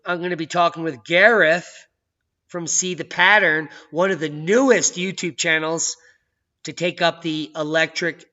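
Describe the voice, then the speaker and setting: A man hosting his own video channel, talking in an excitable, jokey way that swings from loud outbursts to hushed asides. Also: fairly high pitch. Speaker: channel host. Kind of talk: casual video commentary. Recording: dull lo-fi sound.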